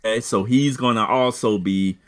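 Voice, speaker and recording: A man running a tabletop game as game master, talking in halting stretches full of fillers and restarts. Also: lowish voice, fairly even intonation.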